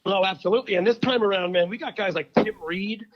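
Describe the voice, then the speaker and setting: Comedian guest, man, high voice, joking and rambling, muffled lo-fi recording. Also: fast talker. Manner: jokey, rambling, excitable. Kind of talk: casual chat. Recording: dull lo-fi sound.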